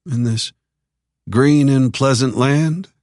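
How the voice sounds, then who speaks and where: A man voicing a calm, enigmatic preacher with a Texan accent who talks slowly and draws out his vowels. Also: medium pitch, no room sound, studio quality, pitched above the performer's own voice, close to an everyday voice. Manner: slow, measured, drawn-out vowels.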